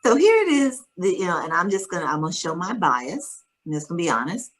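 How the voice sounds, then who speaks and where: Woman, deep voice, earnest, reflective, interview guest. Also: big pitch swings, fast, rough recording. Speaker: guest author. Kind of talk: personal storytelling in an interview.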